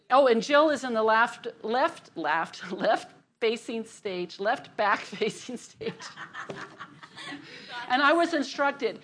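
A woman's voice: fairly high pitch, slow pace, slight background noise. A middle-aged woman leading a women's church group, telling a story with frequent laughter and then praying. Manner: chatty, laughing often, animated storytelling. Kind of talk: casual group announcements and prayer.

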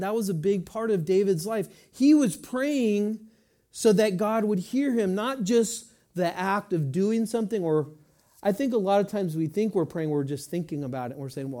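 A middle-aged man preaching a sermon, moving between quiet reflective stretches and rising, emphatic passages. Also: high-pitched. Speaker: pastor.

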